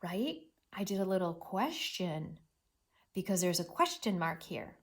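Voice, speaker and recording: A woman's voice: fairly low pitch, very animated, measured pace. A woman teacher giving a read-aloud reading lesson, talking expressively to children.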